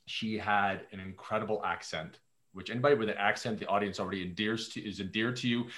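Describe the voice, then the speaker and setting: A man's voice: on the low side, fast, pushed and bright. A man sharing workplace anecdotes on a podcast, often repeating words as he starts sentences. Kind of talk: casual podcast chat.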